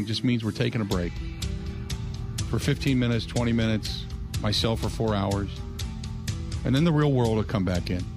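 An older man hosting a sports talk radio show, talking in a loose, rambling, conversational way and repeating the call-in number. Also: fairly low pitch. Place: radio studio. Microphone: close studio mic.

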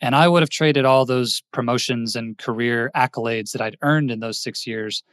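A man's voice: medium pitch, moderate pace, a bit bright, clean tone, no echo, studio quality. A man, a career coach guest on a podcast, telling his story in an earnest, reflective way. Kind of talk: interview storytelling.

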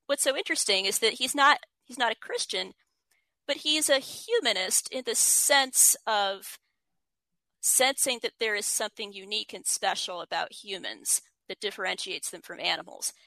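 A woman's voice: mid-range voice, lively intonation, normal speed, creaky, bright, forceful tone, no echo, low-quality recording. A woman writer giving an interview, explaining ideas earnestly and reading quotes aloud. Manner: earnest, frequent restarts, reads quotes aloud. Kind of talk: thoughtful conversational explanation.

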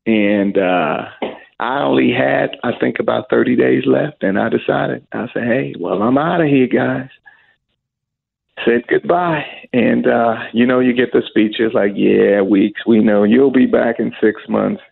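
Gravelly husky man on a tinny line. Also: medium pitch, a little slow. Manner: lively storyteller who acts out quoted voices. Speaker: singer, interview guest. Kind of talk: storytelling in an interview. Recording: tinny phone-line sound.

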